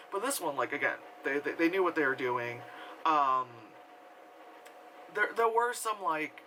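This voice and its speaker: A man's voice: a little high, animated, normal speed, bright, forceful tone, slight background noise, rough recording. A man giving a casual, rambling film review full of fillers and offhand swearing. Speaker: movie reviewer.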